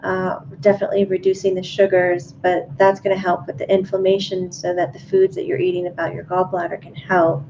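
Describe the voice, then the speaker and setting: A woman taking part in a casual livestream as a medium, calmly relaying messages to viewers. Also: fairly low pitch, fairly quick, gravelly, hardly any pauses. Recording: dull lo-fi sound, faint noise.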